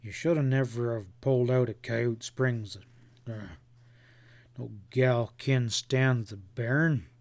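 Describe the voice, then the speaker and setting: A man reading a thick-set frontier guide who talks in a gruff, plain drawl. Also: mid-range voice, fairly even intonation, takes it slowly. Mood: self-scolding.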